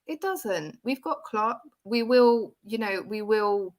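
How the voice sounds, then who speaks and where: A woman co-hosting a casual football chat, animated and laughing often. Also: medium pitch, slow pace. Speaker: football podcast co-host.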